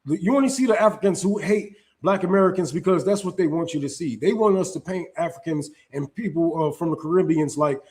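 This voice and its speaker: Man, high voice, livestream host, heated, profane, emphatic, restarts a lot. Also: fairly quick, hardly any pauses, a little mellow. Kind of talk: casual opinion livestream. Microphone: streaming setup mic.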